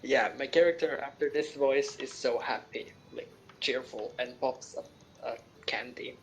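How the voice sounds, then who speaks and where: A man's voice: medium pitch, fairly even intonation, measured pace, slight background noise, poor audio. A man playing a tabletop game, playfully narrating what his character does. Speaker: player. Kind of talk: casual tabletop game chat.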